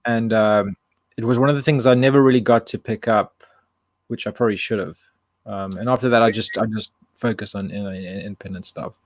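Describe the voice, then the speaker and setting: A man's voice: lowish voice, steady tone, a little fast, dry recording. A man chatting casually as a stream co-host, rambling with frequent restarts. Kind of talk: casual chat.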